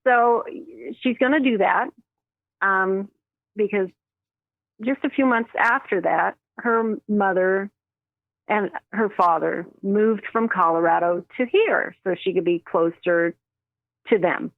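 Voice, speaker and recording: A woman who works as a medium, telling stories in an animated way and acting out the voices in them. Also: medium pitch, takes it slowly, dry recording. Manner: animated, acts out quoted voices, laughs often. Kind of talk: storytelling in a phone interview. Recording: dry tinny phone line.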